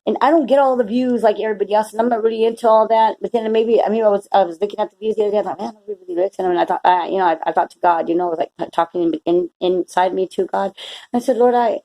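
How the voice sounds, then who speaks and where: A woman's voice: medium pitch, very fast, dark tone, poor audio. A middle-aged woman vlogging a personal faith testimony, rambling and emotional with many restarts. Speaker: Christian vlogger.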